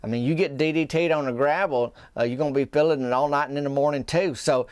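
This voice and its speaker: A man with a drawl rambles through a comic tall tale, with folksy turns of phrase and deadpan asides. His voice sits a touch higher than most men's. The sound is close and dry, with no room echo. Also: fast talker, clear, resonant tone. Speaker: podcast host, storyteller.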